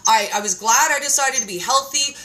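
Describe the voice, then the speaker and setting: A woman hosting a casual chat, telling stories in an animated, playful way and acting out quotes. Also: high-pitched, fairly quick, low-quality recording. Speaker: host.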